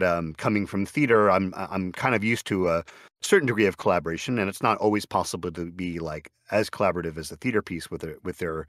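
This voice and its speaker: A man's voice: deep voice, a bit bright, no room sound, studio quality. A man who narrates audiobooks, chatting casually in an interview over a video call, often stopping himself mid-sentence and acting out little back-and-forth exchanges. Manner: chatty, self-interrupting, acts out quoted exchanges. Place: small home recording booth.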